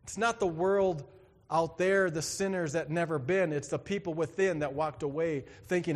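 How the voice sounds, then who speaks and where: A male pastor preaching a sermon, swinging between loud exclamations and quiet emphasis and acting out quoted voices. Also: fairly high pitch, moderate pace, big-room sound.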